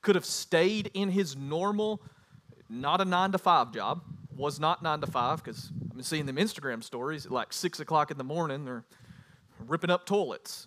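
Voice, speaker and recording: A man in his thirties preaching a sermon as pastor, animated and building to loud emphatic bursts. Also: fairly high pitch, normal speed.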